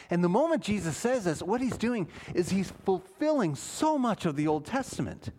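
A man, preaching a sermon as a pastor in a conversational way, with fillers and dramatic pauses. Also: high voice, very animated, dark tone.

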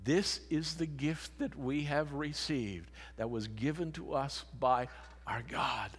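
A man preaching a sermon as pastor, earnest and solemn, often dropping to a hushed voice. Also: mid-range voice, takes it slowly, husky. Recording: long hall reverb.

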